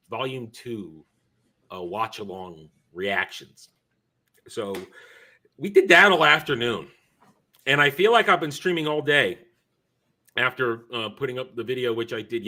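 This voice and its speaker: Brief: male streamer, tired, rambly casual chat, bright forward tone. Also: mid-range voice. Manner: rambling, self-correcting, chatty. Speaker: streamer hosting his own show.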